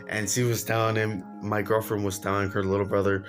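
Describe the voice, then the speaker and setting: Young man, lowish voice, slangy storytelling, faint music behind. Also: flat delivery, a little fast, few pauses. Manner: laid-back slangy, laughs while telling. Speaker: vlogger. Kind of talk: casual storytelling.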